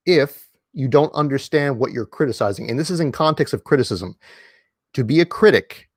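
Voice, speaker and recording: A man talks to his audience from home in a casual, lecture-like monologue. He leans hard on single words, repeats phrases for emphasis, and fills pauses with ums and restarts. His voice sits at a middling pitch, recorded close and dry with no room echo. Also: expressive, slightly rough. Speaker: online commentator. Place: indoors at home.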